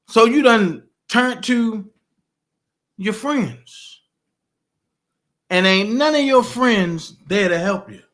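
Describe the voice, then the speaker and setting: A man hosting a casual commentary monologue, animated and taunting as he reads out legal papers. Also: high voice. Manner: animated, taunting, reading legal text aloud. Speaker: political commentary host.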